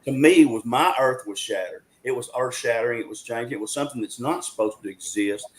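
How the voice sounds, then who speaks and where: A man's voice: mid-range voice, a little fast, slight background noise. A man, telling a story as an interview guest in an earnest, folksy way, with frequent restarts. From Arkansas, USA. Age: 60s.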